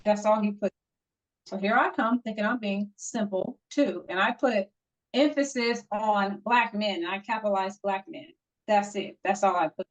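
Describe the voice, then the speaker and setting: A woman's voice: mid-range voice, normal speed. A woman co-hosting a casual podcast, telling a story in a heated, emphatic way. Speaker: podcast co-host. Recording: dull lo-fi audio.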